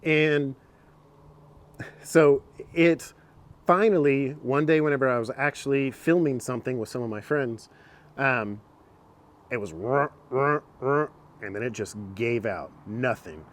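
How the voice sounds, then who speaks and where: A man's voice: mid-range voice, a little slow, pauses often. A man casually talking through a car repair in a vlog, chatty and self-mocking, recorded outdoors by a truck on a camera mic. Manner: chatty, self-mocking, gets long-winded.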